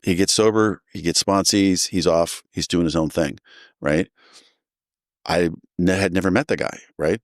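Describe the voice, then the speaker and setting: A middle-aged man tells a long personal story in a low, close, dry voice. He is animated and jumps into the voices of the people he quotes. It sounds like relaxed conversation rather than a prepared talk. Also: moderate pace, no room sound. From New Jersey. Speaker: guest sharing recovery story. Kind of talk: casual storytelling.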